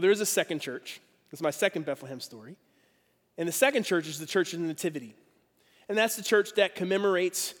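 A middle-aged man preaching a sermon as a pastor, telling stories with self-deprecating humor and lively delivery. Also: on the high side. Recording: long reverb of a big hall.

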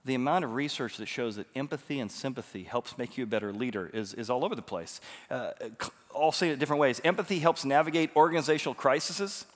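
A pastor preaching a sermon, moving between hushed storytelling and loud, emphatic passages. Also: male voice, medium pitch, fast. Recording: long reverb of a large hall.

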